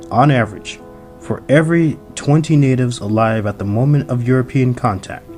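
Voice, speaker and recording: Grave male documentary narrator. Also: medium pitch. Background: music.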